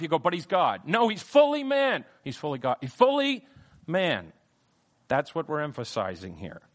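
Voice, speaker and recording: A man preaching a verse-by-verse Bible lesson with a somewhat high voice. He hammers on key phrases, repeating them and letting his voice leap and drop for emphasis. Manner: emphatic, repeats key phrases, wide swings in pitch and loudness. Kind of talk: Bible teaching sermon.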